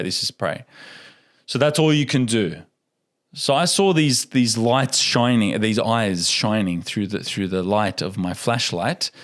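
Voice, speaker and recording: A young man, a podcast guest, telling a story in a casual and animated way, laughing often and acting out what people said. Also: lowish voice.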